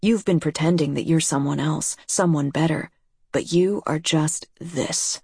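A woman reading the lines of a taunting, rough young man in a low, slow, mocking voice within a memoir audiobook. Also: darkish tone, no echo, clean studio sound, full character voice. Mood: contemptuous.

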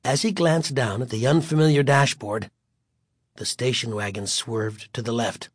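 A man narrating a chapter of a story in an even storytelling voice. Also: medium pitch, normal speed, husky, dry recording, studio quality. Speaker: audiobook narrator. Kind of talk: scripted narration.

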